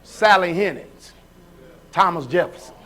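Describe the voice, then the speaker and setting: A male pastor with a notably high voice for a man, preaching live. He keeps calling people up and checking in with the crowd in a loose, conversational way. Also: lively intonation, a little slow. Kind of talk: live sermon.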